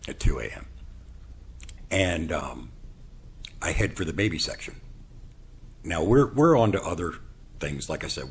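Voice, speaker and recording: A man hosting his own show, telling a personal story in an animated way and acting out the dialogue. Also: extremely low pitch, vocal fry, slight background noise. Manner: animated, acts out quoted dialogue. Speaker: podcast host.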